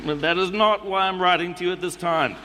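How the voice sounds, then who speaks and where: Kiwi guy reading a letter out on stage, dry and mock-formal, bright high voice, echoey hall. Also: fairly quick. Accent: New Zealand. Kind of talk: reading a letter aloud to a live audience. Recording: echoey hall, faint background noise.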